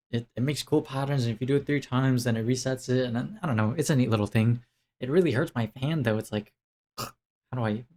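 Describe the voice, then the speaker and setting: A man's voice: mid-range voice, darkish tone. A young man talking through a casual life update to the camera, rambling with lots of fillers and restarts. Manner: rambling, self-interrupting, many fillers and restarts. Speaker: vlogger.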